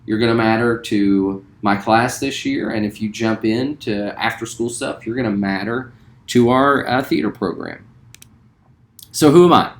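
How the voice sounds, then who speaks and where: A man in his forties from West Virginia, a theater teacher introducing himself to students in a relaxed, friendly way with lots of ums. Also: mid-range voice, measured pace. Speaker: high school theater teacher. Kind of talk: recorded self-introduction to students. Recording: roomy echo.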